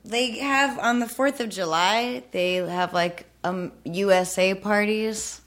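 A woman's voice: mid-range voice, takes it slowly, a bit bright. A woman chiming into a casual chat to prompt stories, hesitant.

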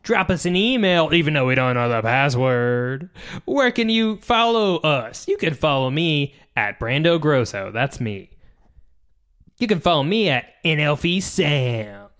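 A man doing a loud, high goofy buddy impression. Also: big pitch swings, unhurried, clear, resonant tone. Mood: hyped. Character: man's goofy impression of his absent male co-host.

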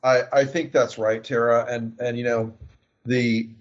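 A man's voice: mid-range voice, level tone, a little slow. A man talking politics as a guest, sardonic and full of false starts. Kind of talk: casual political discussion. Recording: dull lo-fi sound.

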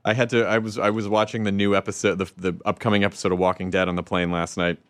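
A man from the American South hosting a casual chat, animated and quick to laugh. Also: deep voice, no room sound.

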